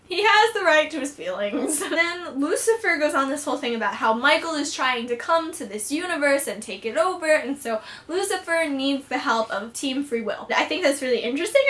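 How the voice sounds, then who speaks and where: A young female vlogger recaps a TV episode in a bubbly, chatty way, packing in "like" fillers and acting out quotes. Her voice is high-pitched and fairly bright.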